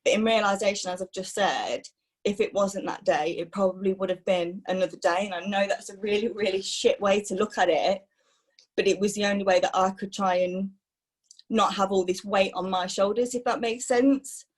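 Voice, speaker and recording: A young woman gives a personal testimony, talking in a halting way with many pauses and restarts. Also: medium pitch, fairly even intonation. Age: young adult. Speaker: person sharing a personal story.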